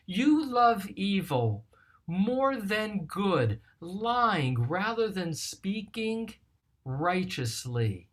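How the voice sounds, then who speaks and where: A teacher giving a recorded study lesson on a psalm, reading verses aloud and explaining them in a slow, deliberate way. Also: medium pitch, very animated, fairly bright tone. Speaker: teacher of scripture.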